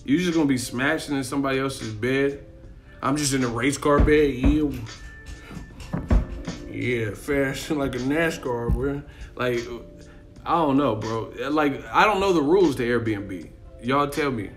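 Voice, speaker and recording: A man's voice: mid-range voice, unhurried, soft background music. Rambling, laughing man on a live stream. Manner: rambling, profane, laughs a lot, acts out voices. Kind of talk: casual live-stream chat. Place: in Miami.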